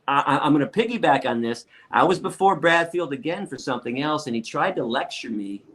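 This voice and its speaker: A man's voice: on the high side, animated, brisk, fairly bright tone. A man who is a guest on an interview show tells stories in an emphatic, defiant way and stacks repeated words when he gets worked up. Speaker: interview guest, activist lecturer. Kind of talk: storytelling in a casual interview.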